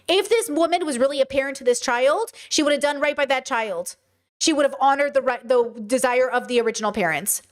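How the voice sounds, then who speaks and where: A young woman with a high voice talks straight to her livestream chat. She argues heatedly and emphatically, and she keeps pressing the same questions again and again. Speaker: podcast host. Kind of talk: livestream commentary.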